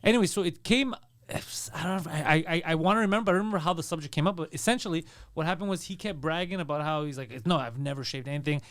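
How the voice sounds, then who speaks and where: Fast-talking high-voiced man telling stories. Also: no room sound, studio quality. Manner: rambling, animated, acts out voices in stories. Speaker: podcast co-host. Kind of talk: casual storytelling chat.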